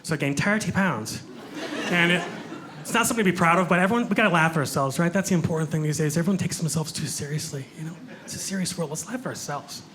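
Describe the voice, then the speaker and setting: High-voiced stand-up comedian man. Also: fast, background noise. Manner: self-deprecating, chatty with the crowd. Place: comedy club stage with a live audience. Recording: live room with audible crowd ambience.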